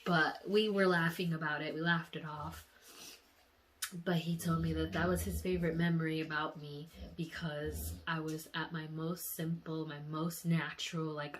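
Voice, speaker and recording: Young woman vlogging, bright voice, emotional animated storytelling, casual chat. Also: low voice, a little slow, slight background noise. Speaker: vlogger telling a dream.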